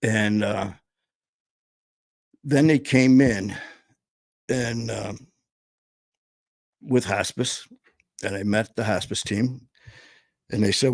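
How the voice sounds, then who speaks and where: A man telling a personal story, candid and blunt, swearing freely and pausing often. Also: lowish voice, creaky, no room sound. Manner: halting, full of fillers and restarts.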